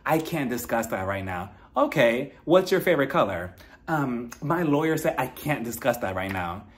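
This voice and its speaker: A man's voice: mid-range voice, big pitch swings, normal speed, voice pushed down, natural voice. A man impersonating an evasive grown man who mumbles hesitant refusals to every question.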